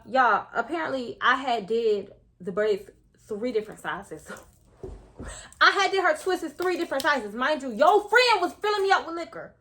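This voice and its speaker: A woman's voice: high-pitched, sing-song, moderate pace, sharp tone. A young woman telling a casual storytime to her viewers, chatty and full of slang, talking straight to the audience.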